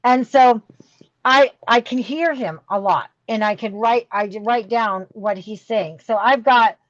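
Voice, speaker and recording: Podcast guest, middle-aged woman, emotional rambling delivery, higher pitch, dull close recording. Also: measured pace, no echo. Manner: rambling, emotional, full of fillers. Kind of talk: candid interview storytelling.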